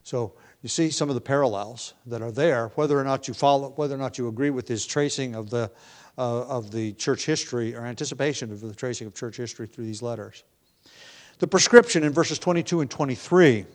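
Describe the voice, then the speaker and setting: A man's voice: medium pitch, brisk. A male pastor teaching through a scripture passage in a mid-range voice. He reads the verses with rising force, then eases into conversational explanation full of ums, restarts and small chuckles. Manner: reads scripture with rising emphasis, asides with light laughs. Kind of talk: expository sermon.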